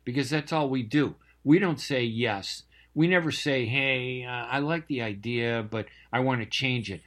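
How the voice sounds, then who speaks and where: An older man talks with passionate, emphatic conviction, leaning on repetition to drive his points home. He often pauses on fillers and restarts his sentences. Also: mid-range voice, a bit bright. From Palestinian family. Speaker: journalist. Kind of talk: opinionated monologue.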